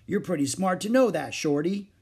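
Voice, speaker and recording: A man's voice: sits high, lively intonation, normal speed, darkish tone, husky, pitched above the performer's own voice, heavily acted. A man voicing a friendly, drawling cowboy in a storybook reading. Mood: folksy. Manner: folksy western drawl. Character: friendly drawling adult cowboy, gruff and kind.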